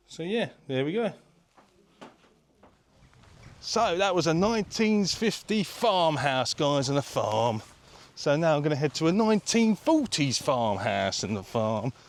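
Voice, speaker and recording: A man vlogging a casual walking tour of an open-air museum, chatty and excitable, talking straight to his viewers. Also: on the high side. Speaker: travel vlogger. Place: visiting an open-air museum, indoors and outdoors.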